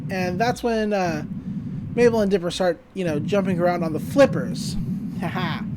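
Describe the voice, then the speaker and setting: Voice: medium pitch, moderate pace, a loud crowd, rough recording. Chatty podcast host recapping a cartoon. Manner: chatty, giggly, full of "uh" and "like"; acts out characters' lines while retelling. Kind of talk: casual episode recap.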